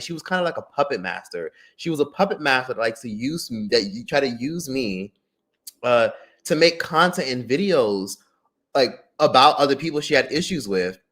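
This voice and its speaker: This is a man at a mid-range pitch, chatting on his livestream and telling a story. He talks loosely and animatedly, swearing freely and leaning on "like" as filler. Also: fairly bright tone. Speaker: streamer and drama commentator.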